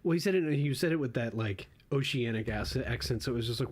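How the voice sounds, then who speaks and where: A man's voice: medium pitch, expressive, fairly quick, hardly any pauses, slightly rough. A young man doing casual reaction commentary, rambling and swearing freely, often restarting his sentences. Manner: rambling and profane, with frequent restarts. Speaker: online commentator.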